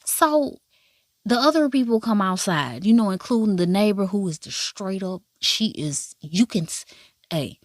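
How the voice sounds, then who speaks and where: A woman giving a casual, profane and animated recap of a drama, with asides in a high voice. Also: moderate pace, no echo, studio quality. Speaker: drama reviewer.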